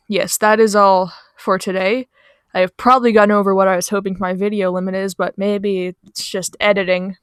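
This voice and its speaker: A woman's voice: mid-range voice, clean tone, no echo. Rambling self-mocking young woman, dry close sound. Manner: rambling, self-deprecating, trails off into quiet asides. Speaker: storytime channel host. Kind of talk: casual storytime narration over a speedpaint. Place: small bedroom. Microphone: home recording mic, voice-over.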